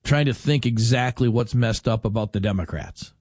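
A man's voice: mid-range voice, normal speed, darkish tone, dry recording, studio quality. A man hosting a talk radio show, chatting casually and rambling as he reads listener texts aloud.

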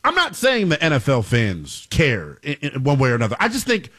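A man's voice: mid-range voice, wildly swooping pitch, brisk, fairly bright tone. A man co-hosting a sports talk show, arguing his point emphatically and repeating himself. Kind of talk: heated sports debate.

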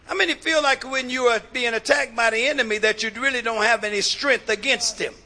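A male pastor preaching a sermon, calling out to the congregation, swinging between loud exhortation and hushed talk. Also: very high-pitched, fairly quick. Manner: preaching with call-and-response and repeated "watch this".

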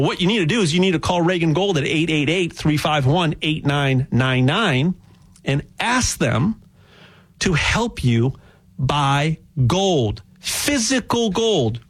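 A man giving a rambling, jokey sales pitch for buying gold, full of restarts and repeated words. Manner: animated, repetitive restarts, jokey asides. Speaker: gold dealer spokesman.

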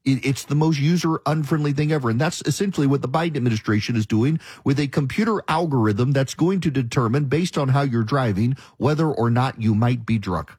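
Emphatic, husky radio talk host. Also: male voice, medium pitch, a little fast, few pauses, a little mellow, dry recording. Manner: emphatic, ranting, mocks critics in quoted voices. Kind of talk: opinionated talk radio monologue.

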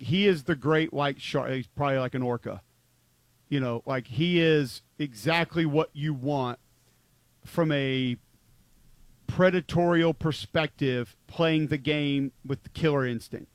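With a fairly high pitch and a slightly slow pace, a male football talk show co-host rambles casually about sports. He's emphatic and leans on "like" as filler, and the recording is dry.

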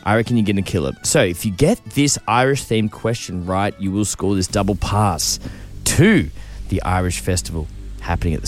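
Lively radio host man. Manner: energetic and enthusiastic, lively pitch. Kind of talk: breakfast radio banter. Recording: music bed underneath.

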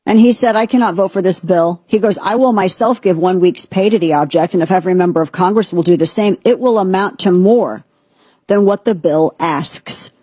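A woman's voice: fairly low pitch, a little fast, warm tone, breathy edge, dry recording. A woman retelling a historical story in a casual, conversational way, acting out the quotes. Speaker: speaker recounting history.

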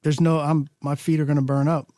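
A man co-hosting a show in casual chat, easygoing and halting, restarting his sentences. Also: fairly high pitch, little pitch movement, mellow, no echo, studio quality. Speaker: radio show co-host.

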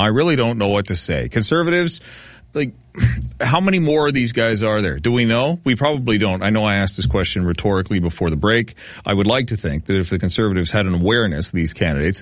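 A man's voice: lowish voice, no room sound. A man hosting a talk radio show, delivering dry, sardonic commentary into a studio microphone.

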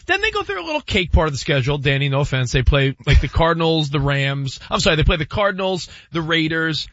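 Animated man breaking down a schedule. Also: on the high side, quick pace, no echo, muffled recording. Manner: animated, teasing, goes over schedules game by game. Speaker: sports radio co-host. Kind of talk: casual sports talk.

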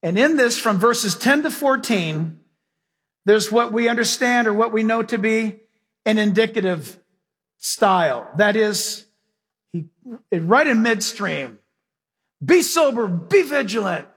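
Male pastor, animated folksy sermon, husky high voice, long hall reverb. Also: slow pace. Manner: animated preaching, acting out scenes, folksy asides.

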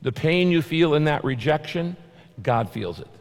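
A man's voice: a little high, lively intonation, moderate pace, gravelly. Emphatic preaching man in an echoing hall. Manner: emphatic, repetitive preaching with sudden rises. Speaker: pastor. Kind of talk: sermon. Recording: long hall reverb.

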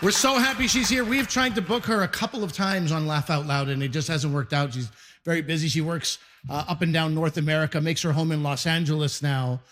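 A man hosting a comedy show, loudly hyping up the next comedian to the crowd. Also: a little high, fairly quick. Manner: loud, excited crowd-rousing. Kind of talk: hyped stand-up introduction. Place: comedy club stage. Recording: live club with crowd behind.

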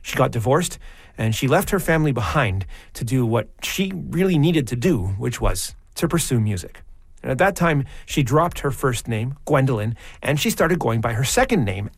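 A male radio host introduces the music and tells the composer's story in a measured, conversational tone. His voice sits at an everyday middle pitch. It is recorded dry and close in a studio. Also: no echo. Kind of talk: scripted radio presenting. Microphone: studio microphone.

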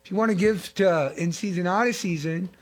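A middle-aged man preaching a fervent sermon, repeating phrases and swinging between loud and hushed. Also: high-pitched, brisk. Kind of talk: impassioned sermon.

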